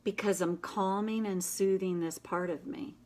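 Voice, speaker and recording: A woman hosting a casual live session, coaching a group in an earnest, gentle and encouraging way, with quick asides. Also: medium pitch, fairly even intonation. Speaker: inner child tapping coach, host.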